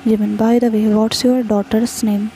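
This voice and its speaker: Woman reading as a friendly brotherly young man, fan fiction story reading, even flat voice, mellow. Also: a little high, normal speed, slight background noise, natural voice, poor audio.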